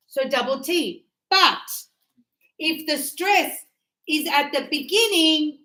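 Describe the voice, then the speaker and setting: A woman teaching an English spelling lesson, slowly repeating words and stressing syllables. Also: sits high, a bit bright, echoey room, poor audio. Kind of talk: grammar lesson.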